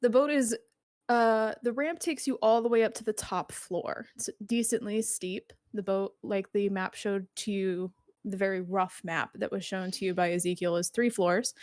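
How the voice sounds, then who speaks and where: A woman's voice: mid-range voice, fairly even intonation, normal speed, darkish tone, no echo, studio quality. A woman narrating a tabletop game as game master, rambling with many fillers.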